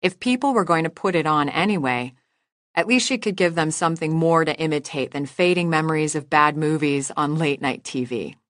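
A woman reading a novel aloud as narrator in a measured, even storytelling manner. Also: deep voice, dry recording, studio quality. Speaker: audiobook narrator. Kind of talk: scripted narration.

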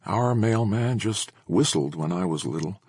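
A man's voice: on the low side, expressive, moderate pace, darkish tone, slightly rough, dry recording, pitched above the performer's own voice. A man voicing a middle-aged woman telling a wistful memory in an audiobook. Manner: wistful storytelling. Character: kindly middle-aged woman with a lined face.

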